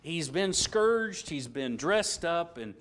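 A man's voice: fairly high pitch, lively intonation, slow pace. Man teaching a dramatic Bible lesson. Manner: dramatic retelling with sudden loud and hushed passages; conversational, with restarts and asides.

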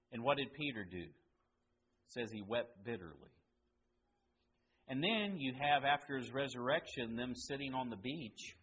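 A man's voice: mid-range voice, lo-fi sound. Man, preacher, sermon, rhetorical questions, faint room hum. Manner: rhetorical questions, swings between loud emphasis and hushed lines.

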